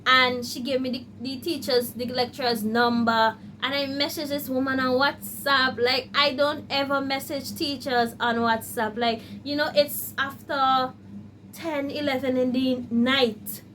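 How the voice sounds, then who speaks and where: High-voiced, animated woman telling a story. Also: unhurried, a little hiss or hum. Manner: animated, addresses viewers directly; acts out her own past panic in quoted asides. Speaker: law student vlogger. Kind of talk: casual storytelling vlog.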